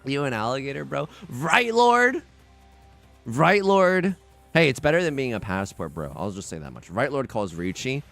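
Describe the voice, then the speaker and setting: A young man streaming an online mahjong game, joking and reading out chat in a casual, animated way. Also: mid-range voice, fast talker, creaky, few pauses, faint music behind. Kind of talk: casual livestream commentary while playing mahjong.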